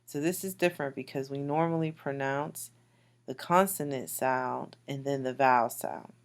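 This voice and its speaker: A woman's voice: very deep voice, normal speed. A woman teaching a beginner Biblical Hebrew lesson over slides, patiently repeating words with frequent fillers. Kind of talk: recorded slide lecture.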